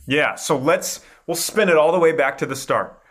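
A man in his thirties from Iowa, telling his life story as a podcast guest in an animated, energetic way. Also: a little high, normal speed. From Iowa, USA. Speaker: podcast guest, mindset coach. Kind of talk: storytelling interview.

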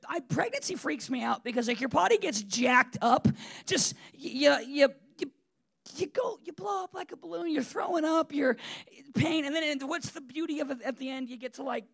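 A man's voice: very high voice, moderate pace, vocal fry, fairly bright tone, breathy edge. A man preaching a sermon in a conversational, emphatic way, with frequent fillers and restarts.

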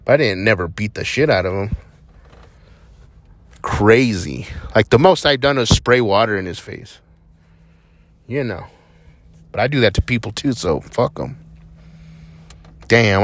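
Parked in a vehicle, a young podcast host from Albuquerque, New Mexico, rambles through a casual monologue that's blunt, profane, and defiant. He speaks in a fairly low, slightly bright voice at a measured pace, pausing often.

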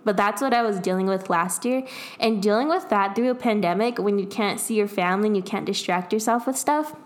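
A woman's voice: medium pitch, brisk. Chatty young woman, rambling storyteller. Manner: rambling, lots of "like", laughs often. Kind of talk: casual chat.

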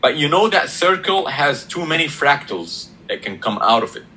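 A man in a reflective podcast conversation, explaining ideas slowly with pauses between words. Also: a little high, sing-song, pushed and bright, a little hiss or hum, poor audio. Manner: slow, deliberate, pausing between words, explaining step by step. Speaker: podcast guest or host.

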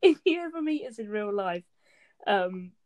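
A woman's voice: medium pitch, sing-song, normal speed, a little mellow, no echo. A teenage girl co-hosting a casual chat, telling stories and teasing while laughing often. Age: teens. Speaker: co-host.

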